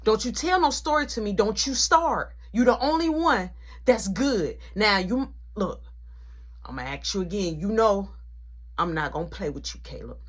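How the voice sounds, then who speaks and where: A man's voice: high voice, lively intonation, normal speed. A man voicing his stern middle-aged mother, scolding sharply and threatening, in a spoken story. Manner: sharp, threatening, rising to yells.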